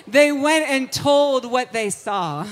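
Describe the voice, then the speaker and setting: A woman pastor giving an Easter sermon, moving from hushed, confiding talk to fervent shouted praise, breaking into sung phrases and frequent laughter. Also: high-pitched, slight background noise.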